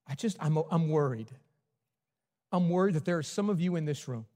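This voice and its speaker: A man preaching a sermon in a church, telling a personal story earnestly and dropping to a near hush at tender points. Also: fairly high pitch, lively intonation, fairly quick, pauses often. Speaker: pastor. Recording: long church hall reverb.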